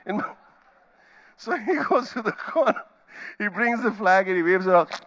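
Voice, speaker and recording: A man's voice: high voice, animated, moderate pace, fairly bright tone, muffled recording. A middle-aged man with an Indian accent giving a storytelling keynote, acting out scenes with sound effects and quoted voices. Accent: Indian English. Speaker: keynote speaker. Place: conference hall stage.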